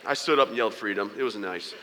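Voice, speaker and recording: A man speaks to a large audience, spinning personal stories into jokes and teasing the crowd. His voice is bright and forward, and the sound carries the long echo of a big hall. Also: medium pitch, racing, slight background noise. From United States. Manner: joking storyteller, playful asides to the audience. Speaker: keynote speaker. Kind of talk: humorous motivational speech.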